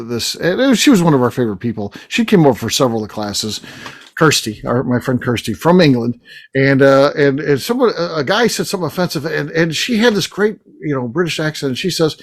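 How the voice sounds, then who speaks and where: A man co-hosting a podcast roundtable, chatting casually and telling stories in an animated way. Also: on the high side. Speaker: podcast co-host.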